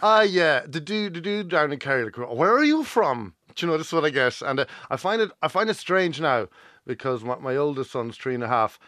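A man with a Meath Irish accent, a comedian chatting on a radio show and telling stories in an animated way. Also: a little high, a little fast, dry recording, clean studio sound. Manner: animated, laughing storyteller. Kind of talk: casual radio chat. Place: radio studio.

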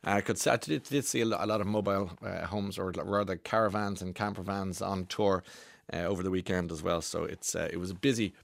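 A man's voice: low voice, steady tone, brisk, vocal fry, no echo. A man with an Irish accent hosting a radio show, reading out listener texts in a chatty way with enthusiastic interjections, on a studio microphone. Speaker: radio host.

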